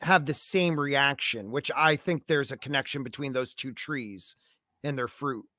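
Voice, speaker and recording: A man hosting a podcast, chatting casually and getting excited as he agrees with his guest. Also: mid-range voice, measured pace, no echo, studio quality. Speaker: podcast host.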